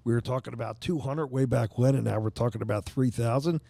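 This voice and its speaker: Older male podcast host, raspy edge, friendly, often restarts his sentences. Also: medium pitch, fast, dark tone, dry recording. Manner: friendly, repeats himself, leads the talk. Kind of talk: casual sports chat.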